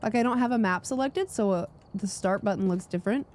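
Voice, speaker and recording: A young woman streaming a game, gushing with breathless excitement, gasping and squealing as she tours new menus. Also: medium pitch, brisk. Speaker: gaming streamer. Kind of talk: excited gameplay commentary.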